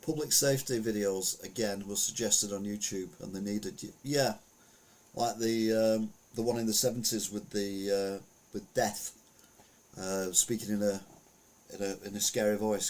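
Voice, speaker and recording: A man's voice: on the low side, fairly even intonation, moderate pace, darkish tone. A middle-aged man giving casual opinion commentary as a podcast host, rambling with lots of fillers and restarts.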